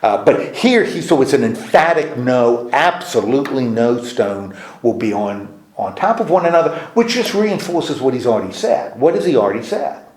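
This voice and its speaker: A man's voice: medium pitch, very animated, moderate pace, hardly any pauses, a little mellow. A male pastor leading a casual Bible study, explaining at length with restarts and putting questions to the group. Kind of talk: informal teaching discussion. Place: church meeting room. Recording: echoey room.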